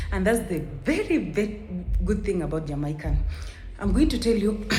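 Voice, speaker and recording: A woman's voice: lowish voice, mellow. A woman hosting a reaction video, commenting in an earnest way that repeats itself. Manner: earnest, repetitive, praising. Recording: echoey room with faint music.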